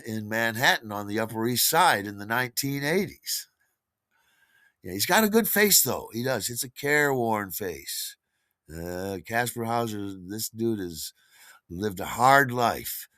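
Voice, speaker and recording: A man's voice: medium pitch, pushed and bright, no room sound, clean studio sound. A man telling a long personal story in a wry, digressive, chatty way. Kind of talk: spoken storytelling monologue.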